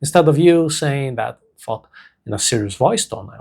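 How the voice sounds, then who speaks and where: A man teaching a self-help lesson, speaking slowly and deliberately and repeating key words for emphasis. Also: mid-range voice, lively intonation, gravelly, a little mellow, breathy edge. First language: Portuguese.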